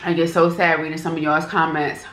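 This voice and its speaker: A woman's voice: low voice, level tone, fairly quick. A woman hosting an eating show, chatting casually to her viewers between bites. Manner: warm, chatty, talks to viewers as "y'all". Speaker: mukbang host. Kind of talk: casual chat while eating. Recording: echoey room with faint noise.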